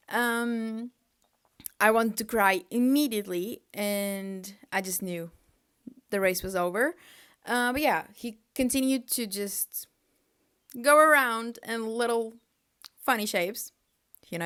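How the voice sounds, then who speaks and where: A young woman vlogger chatting casually, an exasperated fan full of "like" and quick asides. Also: mid-range voice, clean tone. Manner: animated, exasperated fan ranting with lots of "like". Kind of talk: casual chat.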